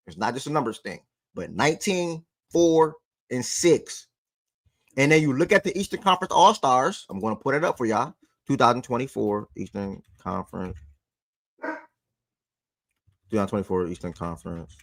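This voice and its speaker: Animated gravelly young man hosting sports talk. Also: mid-range voice, dry recording, clean studio sound. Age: 20s. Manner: animated, swearing, talks to viewers. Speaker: sports show host.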